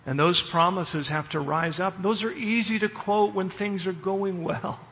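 A man's voice: high-pitched, fairly even intonation, measured pace. A man preaching a sermon, earnest in tone, building to emphatic passages. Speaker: pastor. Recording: lo-fi sound in a reverberant hall.

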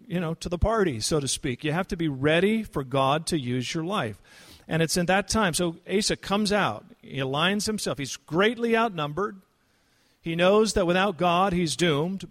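A man's voice: fairly high pitch, fairly bright tone. A man preaching an expository sermon in a conversational, earnest manner, lifting his voice for emphasis. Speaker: pastor.

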